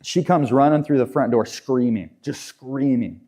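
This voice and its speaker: A man's voice: mid-range voice, normal speed, warm tone. A man preaching a sermon in a conversational way, often repeating and restarting his phrases. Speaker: pastor.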